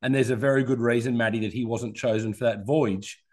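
A man's voice: mid-range voice, fairly even intonation, fairly quick, a little mellow. Chatty Australian man in his thirties. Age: 30s. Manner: self-deprecating, chatty. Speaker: podcast host. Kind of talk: casual podcast chat.

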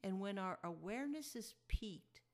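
A woman's voice: medium pitch, lively intonation, normal speed. A woman podcast host telling a personal story in a chatty, reflective way and chuckling as she goes.

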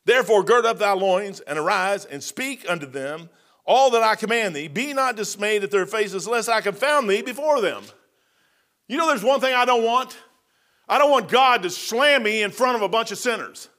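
Older male pastor, high voice, bright tone, casual sermon. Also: animated, normal speed. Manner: casual preaching with asides and self-mocking humor. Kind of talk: folksy sermon.

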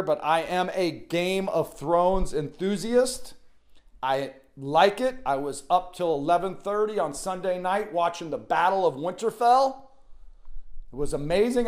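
A middle-aged man hosting a solo motivational podcast, talking in an earnest, rambling way that repeats itself and restarts often. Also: high voice. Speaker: podcast host.

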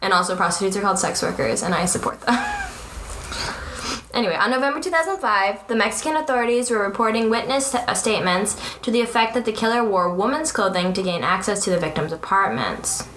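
A woman's voice: medium pitch, animated, fast talker, fairly bright tone, roomy sound, slight background noise. A young woman co-hosting a casual true-crime podcast, reading the case aloud, laughing and stumbling over words. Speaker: podcast co-host.

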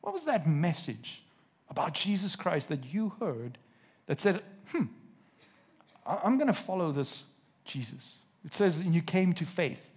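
Husky high-voiced male preacher. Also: big pitch swings, a little mellow. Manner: reads scripture slowly with emphasis, asks the congregation questions, jokes. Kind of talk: sermon to a live congregation. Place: church.

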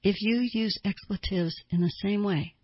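A woman's voice: medium pitch, moderate pace, breathy edge, no echo. A woman therapist giving advice in an earnest way, asking listeners pointed rhetorical questions. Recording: dull lo-fi dry recording.

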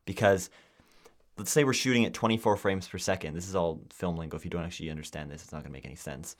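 A young man co-hosting a podcast, chatting casually and telling animated stories full of fillers. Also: sits low, fast. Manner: animated storytelling with lots of fillers. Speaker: podcast co-host. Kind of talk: casual chat.

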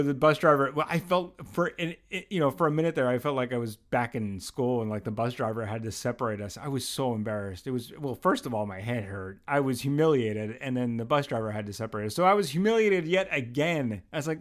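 A young adult man from Pennsylvania hosting a podcast, telling a story in a rambling, animated, self-mocking way and swearing freely. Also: mid-range voice, brisk. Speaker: podcast host. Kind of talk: casual storytelling monologue.

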